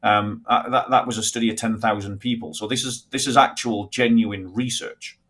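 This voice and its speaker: Halting British man with a deep voice. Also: fairly even intonation, a bit bright, husky. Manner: halting, many restarts, dry wit. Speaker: guest speaker. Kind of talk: live-stream discussion.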